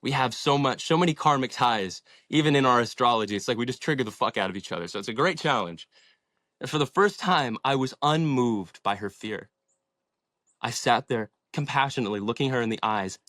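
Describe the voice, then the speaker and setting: A man's voice: medium pitch, fairly bright tone, no echo, studio quality. A young man in his twenties, a podcast guest, telling his story in a passionate, inspirational way and swearing freely. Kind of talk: casual storytelling in an interview.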